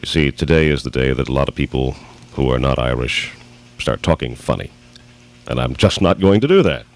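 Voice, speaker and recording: A man's voice: very deep voice, expressive, fairly quick. A man co-hosting a midday radio show, trading banter and reading wry, mock-formal commentary in a dry, droll way. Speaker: radio co-host.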